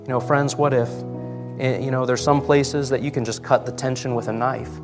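A man's voice: medium pitch, fairly even intonation, fairly quick, music in the background. A man preaching a sermon in a church, earnest and conversational, with emphatic asides. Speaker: pastor. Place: church sanctuary.

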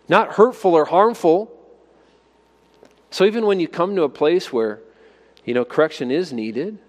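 A man's voice: on the high side, darkish tone, big-room sound. A man preaching a sermon, asking his listeners rhetorical questions and building to emphatic exhortations. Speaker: pastor.

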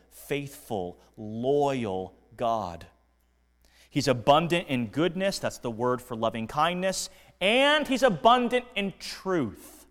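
A man preaching a sermon as pastor, earnest and deliberate, dropping to quiet lines and rising to emphatic ones. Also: on the high side, long reverb tail. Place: church sanctuary.

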